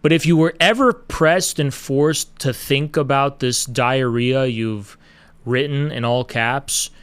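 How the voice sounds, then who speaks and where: A man's voice: mid-range voice, a bit bright, clean tone, dry recording. A man giving a combative livestream monologue, taunting his critics with rhetorical questions. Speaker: party chairman streaming on social media.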